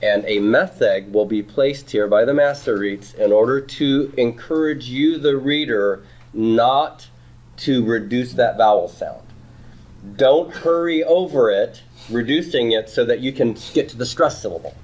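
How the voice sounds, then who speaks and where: A man's voice: medium pitch, unhurried, a little mellow. Patient man lecturing on Hebrew grammar. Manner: patient, checks in with "okay?" and "right?". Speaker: Hebrew teacher. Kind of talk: classroom lecture.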